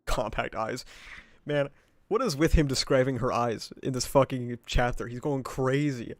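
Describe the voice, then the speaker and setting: A man's voice: medium pitch, normal speed, no echo. A man streaming himself reading a novel aloud, breaking off into casual, profane asides and laughter.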